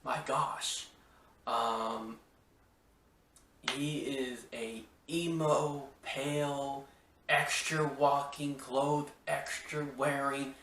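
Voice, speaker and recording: A man's voice: mid-range voice, a bit bright, a little hiss or hum. A man from Washington State hosting a podcast, chatting casually about movies in a rambling, exclamatory way that stumbles over restarts. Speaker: podcast host. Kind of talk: casual movie review chat. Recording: roomy echo, mic at a distance.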